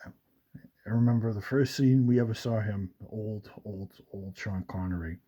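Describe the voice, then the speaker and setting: A radio show host, male, rambles casually through movie scenes, quoting lines and leaning heavily on fillers. His warm, lowish voice moves at a measured pace, and the audio has its highs cut off.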